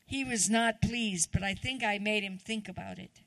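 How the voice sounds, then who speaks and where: Woman guest preacher, conversational sermon, gravelly voice, questions for the congregation, dry sound. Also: medium pitch, moderate pace, a bit bright, no echo. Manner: chatty, asks the congregation questions.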